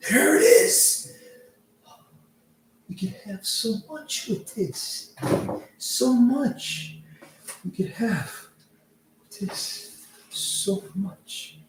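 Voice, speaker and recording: A man's voice: expressive, drawn-out words, pauses often, a little hiss or hum, exaggerated voice. A man voicing a greedy, frantic male dwarf who shrieks and pleads over a prize. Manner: shrill, shouting, pleading. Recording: echoey room, voice from afar.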